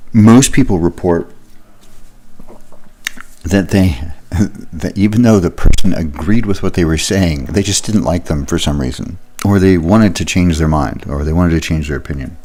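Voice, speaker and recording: Very deep-voiced man teaching. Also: warm tone. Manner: conversational, explanatory, with fillers. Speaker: leadership trainer. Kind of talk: recorded leadership lesson.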